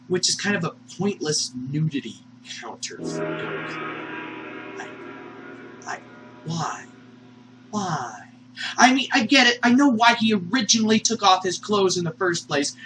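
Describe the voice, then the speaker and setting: Brief: lively, bright-voiced man, casual jokey cartoon reviewer, pitch jumping around. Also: a little hiss or hum. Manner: animated, jokey, laughs at his own asides. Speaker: anime reviewer.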